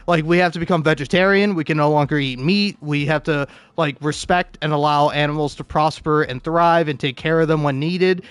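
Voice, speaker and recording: A man's voice: a little high, steady tone, moderate pace, hardly any pauses, smooth, no echo. A man ranting casually over gameplay, swearing often and stumbling through restarts. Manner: rambling, profane, stammering restarts. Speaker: gaming video host.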